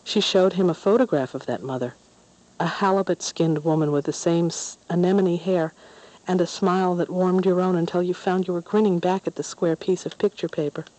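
A woman narrating a storybook in a gentle, measured way. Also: fairly low pitch, fairly even intonation, low-quality recording. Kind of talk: storybook reading.

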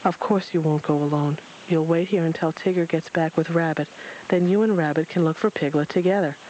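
A man voicing a wise, gray-haired old man in a storybook reading, gentle, measured and grave. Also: on the high side, steady tone, a little hiss or hum, natural voice, low-quality recording. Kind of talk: storybook read-aloud.

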